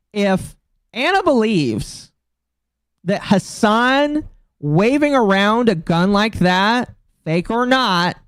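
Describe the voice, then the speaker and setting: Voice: mid-range voice, no echo, studio quality. A streamer in their mid-twenties giving casual live-stream commentary, talking bluntly and profanely with a mocking tone that climbs into indignant outbursts. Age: mid-20s.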